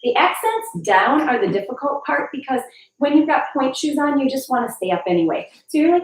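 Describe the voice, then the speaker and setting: A woman's voice: high-pitched, expressive, moderate pace. A woman teaching a ballet class, chatty and encouraging as she calls out steps and counts while she demonstrates, a little out of breath. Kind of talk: live online dance class instruction. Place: dance studio, large room. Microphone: far camera mic. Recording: echoey room, far from the mic. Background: piano class music playing.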